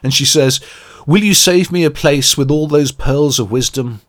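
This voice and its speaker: A man's voice: fairly high pitch, moderate pace. Earnest man reviewing music. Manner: reflective, earnest, searching for words. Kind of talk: radio album review commentary.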